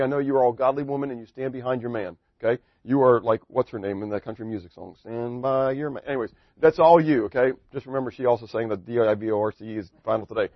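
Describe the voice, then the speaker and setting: A man's voice: medium pitch, no echo, muffled recording. A middle-aged man preaching as a pastor, in a joking, conversational way, full of rhetorical questions to his congregation. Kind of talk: sermon.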